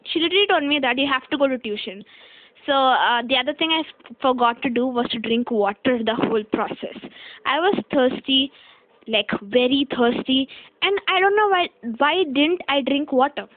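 A woman's voice: high voice, dry recording. A young woman, casually telling a personal story in a chatty, rambling way, correcting herself and tossing in "okay?" asides. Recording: dry, tinny phone-like sound.

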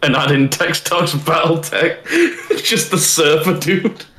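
A man co-hosting a podcast in casual chat, throwing in quick joking remarks. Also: fairly high pitch, fairly even intonation, fairly bright tone, reverberant, a little hiss or hum. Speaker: podcast co-host.

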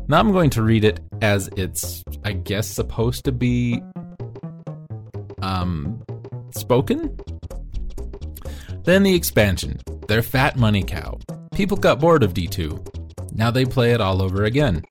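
A man doing a comedic reading of an old game review, reading the punctuation aloud and adding sarcastic, deadpan asides. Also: fairly low pitch, unhurried, pauses often, soft background music. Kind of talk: comedic dramatic reading with commentary.

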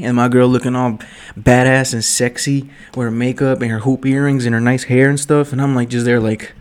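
A man's voice: medium pitch, steady tone, fast talker, darkish tone. A young man casually telling a late-night story as a vlogger, rambling and profane, full of slang and jokes, drinking while he talks. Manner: rambling, profane, joking slang with 'yo' and 'bruh'.

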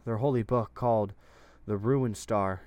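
A man voicing a wounded, frightened young captive woman with a low, somewhat manly voice, who pleads and stammers. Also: animated, unhurried, dry recording, lightly acted. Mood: pleading.

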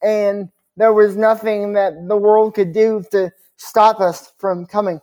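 A man speaks as a guest on a podcast interview. His delivery is earnest and measured as he tells a personal story. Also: high-pitched, level tone, darkish tone.

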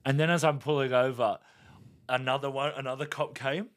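An Australian man on a podcast, animatedly telling a long story and acting out the lines of the people in it, sometimes dropping to a hushed aside. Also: mid-range voice, steady tone, fairly quick, no echo. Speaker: podcast co-host. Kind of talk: casual storytelling chat.

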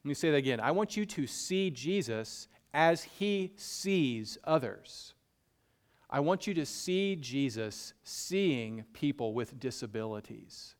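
A man's voice: mid-range voice, animated, slow. A man with a Southern US accent preaching a conversational sermon, folksy and self-deprecating, often repeating a point for emphasis. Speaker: pastor.

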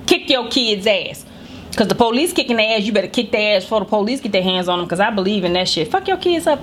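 A woman's voice: medium pitch, a little hiss or hum. A middle-aged woman hosting a podcast, telling a comedic story in a blunt, emphatic and heavily profane way. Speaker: podcast host. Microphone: studio microphone.

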